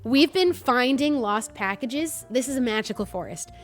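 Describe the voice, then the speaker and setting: A young woman streaming a game, chatting in a chatty, self-deprecating way with a light North Jersey accent. Her voice is fairly high and swings widely in pitch, with faint music underneath. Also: animated, moderate pace. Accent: North New Jersey. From North New Jersey. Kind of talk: casual gaming commentary.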